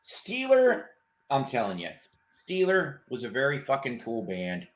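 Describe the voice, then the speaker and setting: A man's voice: mid-range voice, very animated, normal speed, a bit bright. A man hosting a casual chat show, rambling enthusiastically about old records and bands and swearing now and then. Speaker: host.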